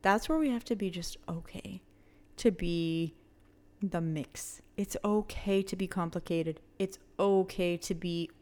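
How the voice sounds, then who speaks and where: A woman's voice: fairly low pitch, darkish tone, clean tone. A young woman co-hosting a podcast, talking with passion and emphasis, swearing freely and mixing in Spanish words. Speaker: podcast co-host. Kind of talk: casual podcast chat.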